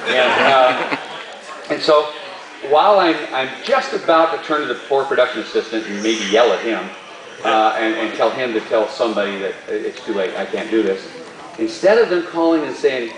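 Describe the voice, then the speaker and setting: A man, a stunt performer, telling a story at a live Q&A in an animated way and laughing often. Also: mid-range voice, normal speed, a crowd in the background. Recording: roomy hall, distant mic.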